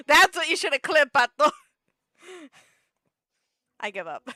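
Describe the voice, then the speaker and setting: A woman streams a story game, reading lines aloud in a high, bright voice. She takes her time, laughs often and bursts into excited shouts. Soft music plays under her. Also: slow, no room sound.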